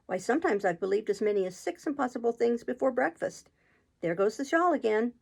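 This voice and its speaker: A woman voicing a fussy, flustered old queen in a storybook read-aloud, talking emphatically and now and then rising high. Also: lively intonation, fairly quick, vocal fry, darkish tone.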